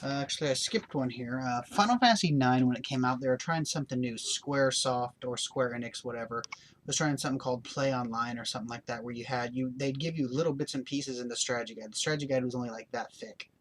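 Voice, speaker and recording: A man's voice: mid-range voice, fast, fairly bright tone, a little hiss or hum. A man hosting a gaming channel, giving casual show-and-tell in a blunt, opinionated, rambling way.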